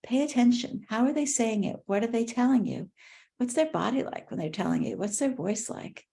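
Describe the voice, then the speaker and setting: A middle-aged woman giving a conversational workshop talk to caregivers on supporting grief, gentle and often restarting her sentences. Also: a little high, big pitch swings, moderate pace, creaky. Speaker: workshop presenter on grief care.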